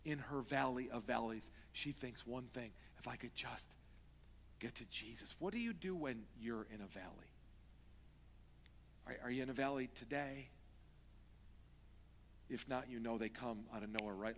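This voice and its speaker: A man preaching a sermon as pastor, moving from hushed talk to loud pleading. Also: mid-range voice, moderate pace, vocal fry, long pauses, a little hiss or hum. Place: church sanctuary. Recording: long reverb of a church hall.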